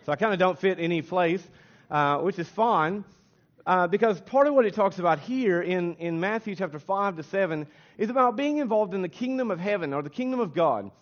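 A man's voice: high-pitched, lively intonation, a little fast, lo-fi sound. An American man preaching a sermon in a casual, conversational way, often restarting phrases and using fillers. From United States. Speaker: pastor.

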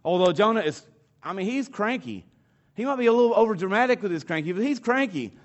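A man preaches a sermon in a loose, conversational way, often restarting his sentences. His voice sits somewhat high for a man. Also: expressive, lo-fi sound. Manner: conversational, halting, with restarts and fillers. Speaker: pastor.

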